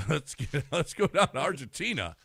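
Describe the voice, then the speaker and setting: A man's voice: on the high side, very animated, normal speed, creaky, a bit bright, husky, dry recording. A man co-hosting a sports radio show, chatting loosely about the team, often breaking off and restarting his sentences. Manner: conversational, chuckling, breaks off and restarts. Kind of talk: casual sports talk. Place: radio studio.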